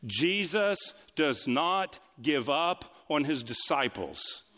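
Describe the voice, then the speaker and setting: A man's voice: sing-song, sharp tone. Preaching man in an echoing hall. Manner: preaching with sweeping pitch swings, quick asides and repetition. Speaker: pastor. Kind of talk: sermon. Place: church sanctuary. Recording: long reverb of a large hall.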